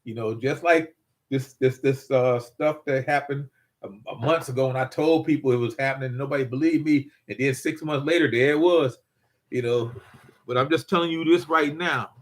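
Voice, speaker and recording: A man's voice: medium pitch, normal speed. An older man hosting a prepper channel, talking casually to viewers in a rambling, folksy way with many repeats.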